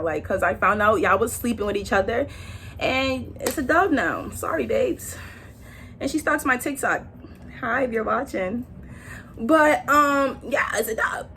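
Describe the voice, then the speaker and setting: A young woman tells a storytime in casual, slangy speech. Her voice sits high and bright and swings up in pitch for emphasis. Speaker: vlogger.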